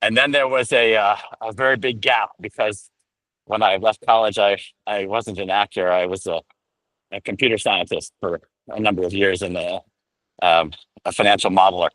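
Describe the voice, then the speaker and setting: A man's voice: lowish voice, steady tone, moderate pace, fairly bright tone, no echo, poor audio. A man from upstate New York, an actor guest, reminiscing over a video call while walking outside. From Rochester, New York. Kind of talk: casual storytelling interview. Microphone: video call while walking outdoors.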